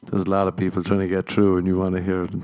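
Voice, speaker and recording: A man's voice: deep voice, completely flat delivery, racing, a little mellow, clear, resonant tone. A man telling stories as a comedian and podcast host in a casual monologue. He swears freely, laughs at his own jokes and acts out other people's voices.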